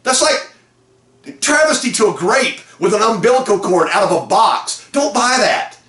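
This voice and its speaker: High-pitched excitable guy pumping up a sales team, voice jumps all over, echoey room. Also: unhurried. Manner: energetic, folksy, lively with whoops. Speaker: host of a car sales meeting show. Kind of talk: motivational sales pep talk.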